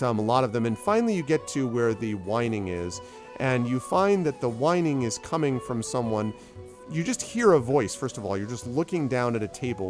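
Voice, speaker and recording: Animated male dungeon master. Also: medium pitch. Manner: animated, joking storyteller. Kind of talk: narrating a tabletop game.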